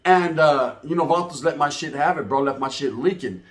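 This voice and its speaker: A man telling a profane, slang-heavy street story in a comedic, animated way. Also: a little high, moderate pace.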